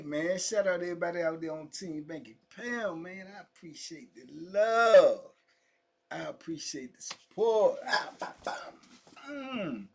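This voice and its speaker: A middle-aged man, host of his own channel, telling prison stories in a casual monologue, emphatic and repetitive with heavy street slang. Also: sits high. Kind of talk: casual storytelling monologue to viewers.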